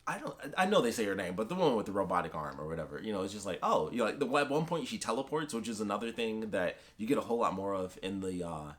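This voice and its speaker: A young man chatting casually about a comic he read, rambling and excitable with many fillers and restarts. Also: lowish voice, fast, few pauses. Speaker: comic book vlogger. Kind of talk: casual chat.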